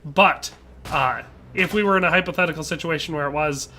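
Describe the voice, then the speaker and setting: Midwestern gamer guy in his 30s, very bright tense voice, slightly high, rambling casual stream chat, faint noise behind. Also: brisk. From Wisconsin, USA. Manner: rambling, joking, reads chat aloud. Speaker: game streamer. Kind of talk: casual live-stream chat while gaming.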